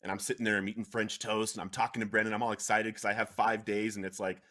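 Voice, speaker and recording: A man's voice: on the low side, fast. Earnest man telling his recovery story. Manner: earnest, animated, laughs through dramatic moments. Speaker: podcast guest sharing recovery story. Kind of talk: emotional personal storytelling.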